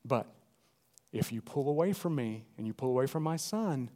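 A middle-aged man preaching a sermon, animated and calling out to the congregation. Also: medium pitch, normal speed. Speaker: pastor.

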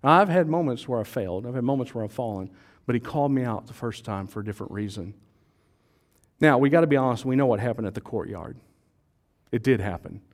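Speaking fast in a mid-range voice, a male preacher keeps his church sermon lively and conversational, testing his listeners with questions and joking along with them.

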